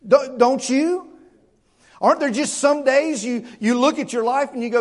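A man with a notably high speaking voice delivers a church sermon. He preaches earnestly and emphatically, stumbling over repeated words and pressing the congregation with rhetorical questions. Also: normal speed. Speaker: pastor.

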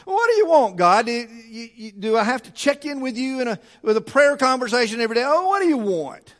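A man's voice: very high voice, lively intonation, a bit bright. A man voicing a defensive, sarcastic sinner who sounds like a sulky teenager and fires off mocking questions. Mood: exasperated. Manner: mocking, exasperated rapid questions. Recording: long church reverb.

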